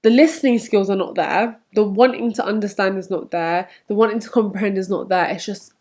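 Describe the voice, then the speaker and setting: A woman's voice: medium pitch, fairly quick, hardly any pauses. A young woman vlogging to camera, speaking candidly and chattily, and acting out remembered quotes. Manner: candid, animated, acts out quotes.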